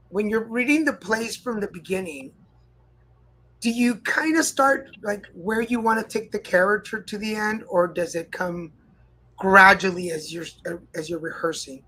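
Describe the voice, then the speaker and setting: A man's voice: high-pitched, normal speed, bright, forceful tone, slight background noise, rough recording. A man hosting a live-stream interview, asking long rambling questions that stop and restart. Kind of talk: casual interview.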